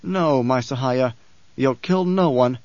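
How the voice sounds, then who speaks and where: A man playing a weary young male ruler who speaks quietly and gently in an audiobook reading. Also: medium pitch, slow pace, dry recording, lo-fi sound, close to an everyday voice. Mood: gentle.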